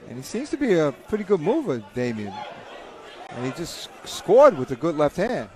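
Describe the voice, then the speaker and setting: A man's voice: fairly high pitch, huge pitch swings, moderate pace. A man commentating live boxing fights, rambling and joking, often repeating himself. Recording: crowd noise at a live event.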